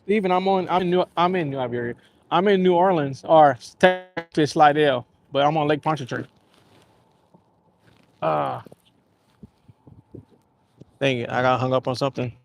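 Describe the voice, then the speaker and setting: A man's voice: on the high side, moderate pace, gravelly, long pauses. A man hosting a casual live fishing stream outdoors on a lake, telling rambling stories with easy laughs. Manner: rambling, laid-back storytelling with easy laughs. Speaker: fishing livestream host.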